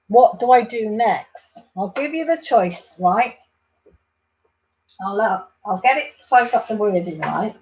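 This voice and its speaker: A woman's voice: medium pitch, a little mellow, muffled recording, slight background noise. Chatty woman on a livestream. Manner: chatty, reads out viewer comments. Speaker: craft livestream host. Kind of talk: casual live chat while crafting.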